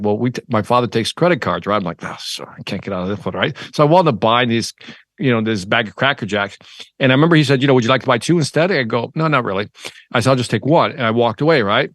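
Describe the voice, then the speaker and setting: In a dry, clean studio recording, a middle-aged man of medium pitch, a sales trainer and motivational speaker, recounts an anecdote in an interview. He performs the dialogue with lively animation as the story unfolds.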